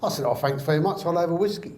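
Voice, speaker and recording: Man, stand-up comedian, deadpan anecdote, slightly high voice, echoey room. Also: racing. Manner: deadpan storyteller, acts out dialogue.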